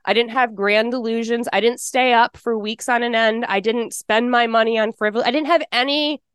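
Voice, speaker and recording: A woman in her forties from Texas, telling her personal testimony in an interview, emotional and fast-talking. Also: fairly high pitch, steady tone, a bit bright, smooth, dry recording, studio quality.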